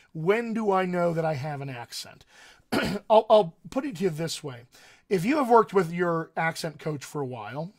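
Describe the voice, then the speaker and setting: A middle-aged man, a dialect coach, answering viewer questions in a live online session, explaining with analogies and restarting phrases as he thinks. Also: fairly high pitch. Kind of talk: live-streamed Q&A teaching.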